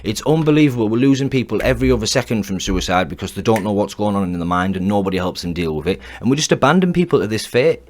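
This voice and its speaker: A man's voice: on the low side, fast talker, hardly any pauses, darkish tone, a little hiss or hum. Ranting man. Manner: heated, blunt, swears, repeats himself. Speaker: commentator reacting to clips. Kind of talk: ranting reaction commentary.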